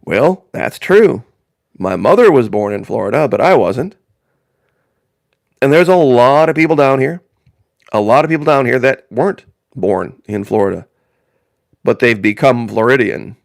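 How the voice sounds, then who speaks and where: A man from northern Indiana talks casually to his live-stream viewers at a mid-range pitch. His delivery is folksy and rambling, and he doubles up phrases for emphasis. The sound is dry and close, with no room echo. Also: animated, unhurried, vocal fry, long pauses.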